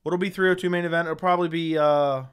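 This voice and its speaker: A man's voice: on the high side, fairly even intonation, fast talker, clean tone. A man hosting a casual livestream, reading viewer chat aloud and giving blunt, sarcastic, slangy replies into a studio microphone.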